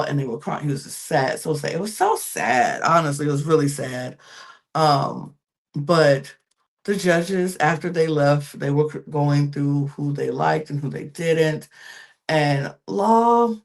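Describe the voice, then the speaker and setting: Chatty podcast host with a gravelly fry. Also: medium pitch, a little slow. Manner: chatty, gossipy, trails off into fillers; addresses viewers directly. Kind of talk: casual reality-TV recap.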